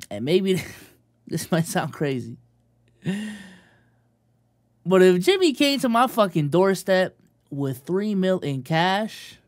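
A man's voice: a little high, sing-song, measured pace, dry recording, clean studio sound. A man reacting to a video in casual streamer commentary, blunt and profane, joking with his audience.

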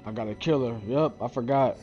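A man's voice: medium pitch, fairly quick, a little mellow, lo-fi sound, soft background music. A young man giving let's play commentary in a profane, frustrated rant. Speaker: gamer.

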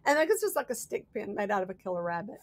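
A woman's voice: mid-range voice, sing-song, rapid-fire. A middle-aged woman hosting a casual live crafting chat, rambling and laughing often as she shows her finds. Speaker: host.

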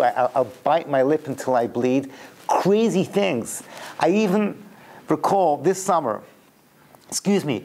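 A British-accented man, a rabbi lecturing to a live audience. He spins comic personal stories with animated delivery and then draws a lesson from them. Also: a little high. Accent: British English. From Britain. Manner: animated storyteller, mixes jokes with teaching.

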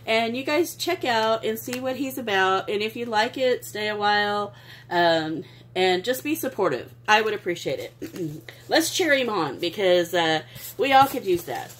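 Woman vlogger, effusive, middle pitch, faint noise behind. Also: animated, a little slow. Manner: gushing, sentimental, exclaims often. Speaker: craft vlogger. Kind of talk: casual unboxing chat.

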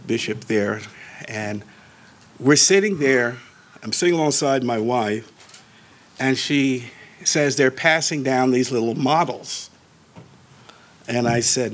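A Baptist pastor in his sixties, with a mid-range voice, shares a personal testimony animatedly. He slows down to draw out key words and shifts between soft asides and raised emphasis.

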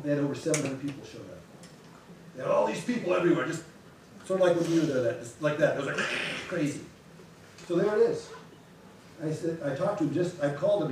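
Pastor, male, animated storyteller; distant mic, big room echo, faint hiss. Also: on the high side. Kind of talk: church announcements before a sermon. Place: church sanctuary. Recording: echoey sanctuary, distant mic.

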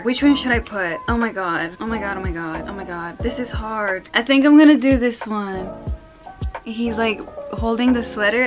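Young woman, vlogger, tearful, gushing, squealy repeats, slightly high voice, music underneath. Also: muffled recording. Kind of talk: excited unboxing vlog. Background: background music.

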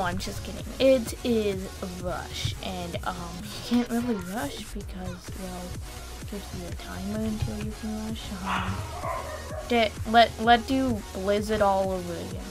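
A young woman commentating her gameplay casually, excitable, shrieking and repeating words when things go wrong. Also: mid-range voice. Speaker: gaming channel host.

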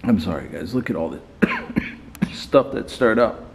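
A man's voice: lowish voice, big pitch swings, measured pace, vocal fry. A man filming himself alone in an empty house at night, nervous and breathless, swearing and calling out to spirits. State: sweating and dizzy. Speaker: paranormal investigator vlogger. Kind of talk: alone ghost-hunting vlog.

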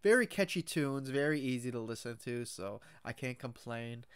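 A man's voice: mid-range voice, animated, moderate pace, smooth. A man hosting a music reaction, talking in an easygoing, casual way with filler words, like an enthusiastic fan.

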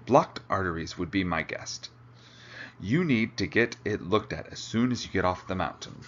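A man reading aloud, voicing a measured female doctor with a slight German accent. The recording sounds dull and lo-fi. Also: low voice, lively intonation, fairly bright tone, slight background noise. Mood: clinical. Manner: measured, clinical.

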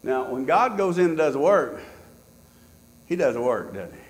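A pastor preaching a sermon in church, swinging between loud high peaks and low, quiet asides. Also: male voice, very animated, moderate pace, roomy sound.

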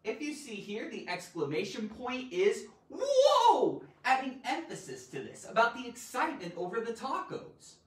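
A woman teaching a live online grammar lesson, animated and theatrical, with loud exclamations. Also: a little high, moderate pace, few pauses, echoey room, distant mic, poor audio.

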